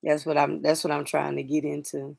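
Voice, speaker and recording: A middle-aged woman hosting a casual livestream chat, talking softly and sadly to viewers, rambling with fillers and restarts. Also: sits low, completely flat delivery, fairly quick, gravelly, dry recording, studio quality. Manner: soft-spoken, grieving, rambling with fillers and restarts. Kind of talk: casual personal talk to viewers.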